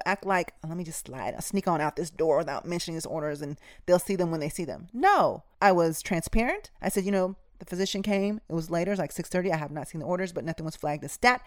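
A woman's voice: medium pitch, no room sound, studio quality. A woman nurse telling a workplace story and giving advice, speaking candidly and emphatically in a conversational way with slang.

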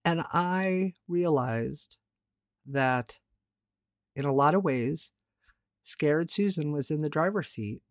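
A deep-voiced woman hosts a self-help podcast, speaking candidly and emphatically, repeating words for stress and swearing offhandedly. The recording is studio quality with no echo.

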